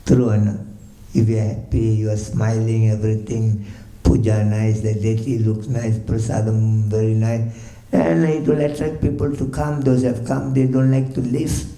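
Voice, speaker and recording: Mellow-voiced monk in an echoey temple. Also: male voice, on the low side, monotone, normal speed. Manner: leans on "you know" constantly, chuckles while telling. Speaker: swami giving a morning lecture. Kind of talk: sermon storytelling. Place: temple hall.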